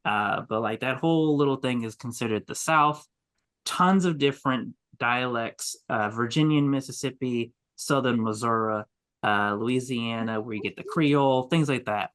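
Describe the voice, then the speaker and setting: A man's voice: medium pitch, moderate pace, fairly bright tone, clean tone. A man co-hosting a podcast, explaining casually with many fillers and restarts. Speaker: podcast co-host. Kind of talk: casual chat.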